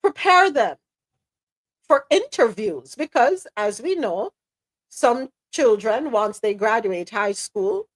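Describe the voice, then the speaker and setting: This podcast host is a woman with a Jamaican accent whose mid-range voice comes through on a dry recording. On her live talk show she offers forceful, opinion-driven commentary, now and then slipping into patois.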